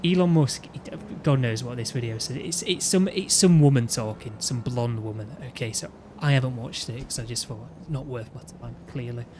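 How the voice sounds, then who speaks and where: A man talks in a loose, rambling rant, his voice sitting at an ordinary middle pitch. He stumbles, restarts sentences and keeps checking in with his listener. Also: normal speed, hardly any pauses, darkish tone, a little hiss or hum. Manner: rambling, with frequent restarts and "you know what I mean". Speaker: gaming video host. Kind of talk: casual ranting chat.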